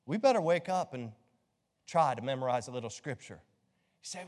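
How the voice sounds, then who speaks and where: The preacher is a middle-aged man with a high voice, speaking at a normal pace as he teases his congregation and peppers them with rhetorical questions. His lively sermon echoes through the church hall with lengthy reverb.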